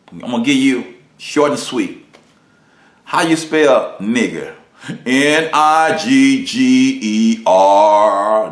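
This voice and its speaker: Man, minister preaching a lesson, emphatic, rhetorical questions, mid-pitched voice, roomy echo. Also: fairly bright tone.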